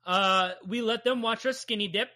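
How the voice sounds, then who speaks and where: With a bright, forceful, fairly high voice at normal speed, a woman in her thirties recaps a comic on her podcast. The chat is casual and enthusiastic, sprinkled with plenty of swearing.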